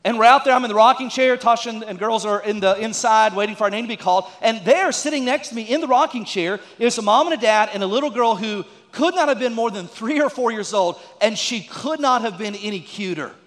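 A man's voice: sits high, brisk, few pauses, fairly bright tone, big-room sound. A man preaching a folksy sermon as a pastor, with joking asides and calls to the congregation.

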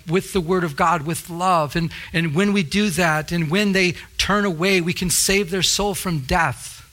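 A man's voice: high voice, bright, forceful tone. A male pastor preaching a sermon with fervor, repeating phrases for emphasis.

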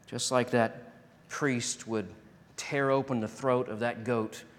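A pastor delivering a sermon and closing prayer, rising to loud emphatic declarations and dropping to hushed, slow prayer. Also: male voice, medium pitch, fairly even intonation. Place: church sanctuary. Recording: long reverb of a large hall.

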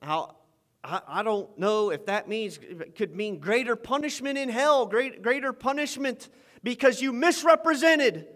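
A male preacher with a very high voice delivers a sermon with intensity. He drives points home with repetition, rises into loud emphasis, then drops to low, confiding asides. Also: expressive, a little slow. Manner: fervent, swings from loud emphasis to quiet asides, repeats phrases.

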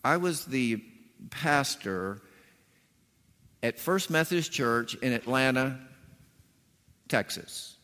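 A man's voice: medium pitch, expressive, slow pace, long pauses, pushed and bright. A man preaching a sermon as a pastor, telling stories and acting out voices with punchy emphasis. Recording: long hall reverb.

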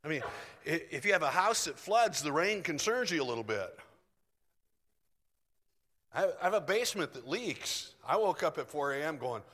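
Middle aged guy preaching, chatty and animated, bright forceful voice, long echo like a big hall. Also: a little high, normal speed, long pauses. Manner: conversational, animated, self-deprecating. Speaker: pastor. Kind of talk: sermon.

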